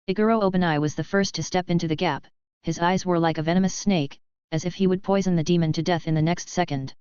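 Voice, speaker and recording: A woman narrating an audiobook of a web novel in an even, steady reading. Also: lowish voice, brisk, clear, resonant tone, dry recording, highs cut off.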